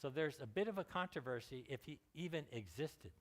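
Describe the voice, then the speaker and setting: A man's voice: fairly high pitch, lively intonation, fairly quick. A man with a Californian American accent giving an informal lecture on scientific writing, chatty, with joking asides and restarted words. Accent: Californian American English. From California, United States.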